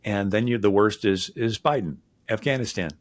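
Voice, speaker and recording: Man, low voice, rambling with fillers, dry close sound. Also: moderate pace, no room sound. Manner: rambling, many fillers and restarts. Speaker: historian guest. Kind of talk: conversational interview.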